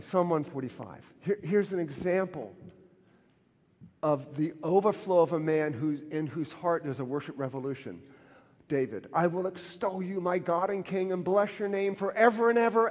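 A man's voice: high voice, a little mellow. A middle-aged man preaching a sermon with passion, building to emphatic peaks, in a church sanctuary. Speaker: pastor. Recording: long hall reverb.

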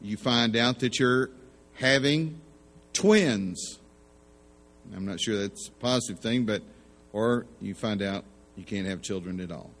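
A man's voice: on the low side, unhurried, long pauses, fairly bright tone. A man preaching a sermon in a folksy way, telling jokes and acting out the voices in his stories. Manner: folksy joke-telling, acts out voices in anecdotes. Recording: long hall reverb.

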